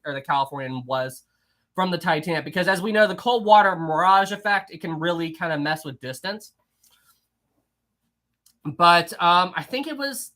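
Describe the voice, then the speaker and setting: Guy chatting on his stream, bright voice, laughs a lot, keeps restarting sentences. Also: high-pitched. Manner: chatty, giggly, rambling with many restarts. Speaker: livestream host. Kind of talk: casual livestream chat, reading super chats.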